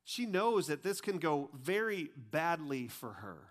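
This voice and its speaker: A man with a fairly high voice preaches a conversational sermon. He talks loosely, full of asides and everyday comparisons. When a point turns serious, he goes hushed and grave. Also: big pitch swings, a little slow. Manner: casual, chatty preaching with many "like"s and asides. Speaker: pastor.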